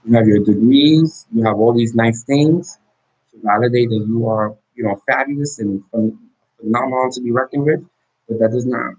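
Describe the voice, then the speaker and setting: A man's voice: medium pitch, a little mellow, breathy edge. A man talking straight to the camera in an intense monologue, pleading and confrontational, often repeating and restarting his words. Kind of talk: emotional direct-to-camera monologue. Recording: dull lo-fi recording.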